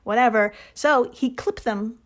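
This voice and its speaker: A woman's voice: fairly high pitch, normal speed. A woman hosting a casual podcast, presenting a science story in playful slang and often stumbling over her words. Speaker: podcast host.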